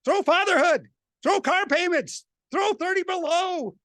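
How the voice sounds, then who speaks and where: A man reading his own poem at a library reception, with halting chat first and then a chanted, repetitive delivery that builds to shouting. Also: very high-pitched, dry recording. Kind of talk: performed poetry reading. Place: university library gallery reception.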